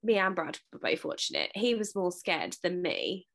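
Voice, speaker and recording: A woman's voice: on the low side, wildly swooping pitch, normal speed, creaky, a bit bright. A woman co-hosting a casual podcast, easygoing and giggly, making fun of herself. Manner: giggly, easygoing, self-deprecating. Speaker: podcast co-host. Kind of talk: casual chat.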